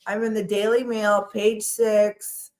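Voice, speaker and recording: A woman's voice: mid-range voice, slow pace. Chatty woman co-hosting a stream. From United States. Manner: chatty, animated. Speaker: co-host. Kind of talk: casual live-stream chat.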